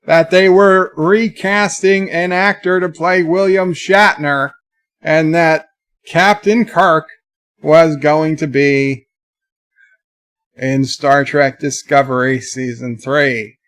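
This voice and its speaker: A man hosting a casual livestream, rambling through a story with animated outbursts and reading viewer chat aloud. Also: on the high side, slow pace, clean tone. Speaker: live stream host.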